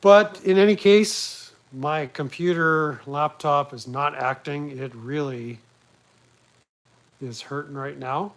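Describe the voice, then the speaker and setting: A man with a slightly high voice takes his time speaking in this low-quality recording. He's at home hosting a casual livestream from his laptop, chatting in a rambling, crude way laced with self-mocking humor.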